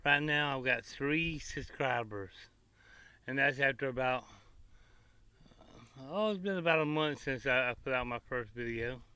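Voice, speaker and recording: A barbecue vlogger with a Tennessee Southern accent chats casually to the camera beside his grill outdoors, using folksy, rambling country slang. His medium-pitched voice is a little slow with long pauses, sharp and clean in tone, and the recording is dry.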